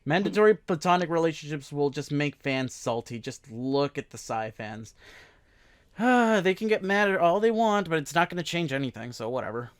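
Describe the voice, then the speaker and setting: A man's voice: on the high side, animated, normal speed, smooth. A man hosting a casual podcast chat, rambling with frequent laughs.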